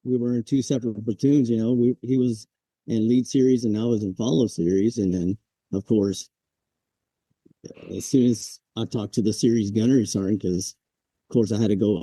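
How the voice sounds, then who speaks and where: Male vet guest, 40s, deep mellow tone, easygoing anecdotes, dry close mic. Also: slightly rough, dry recording. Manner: laid-back, chuckles, acts out quoted drill instructors. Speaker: podcast guest, Marine veteran. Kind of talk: casual storytelling interview.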